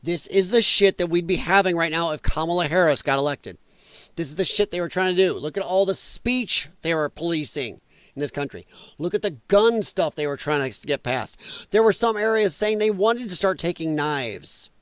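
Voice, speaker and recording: A man's voice: on the high side, moderate pace, fairly bright tone, smooth, no echo, studio quality. A middle-aged American man from the Midwest hosting a political commentary stream, ranting with profanity and sarcasm. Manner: profane, sarcastic, mocking mimicry of others.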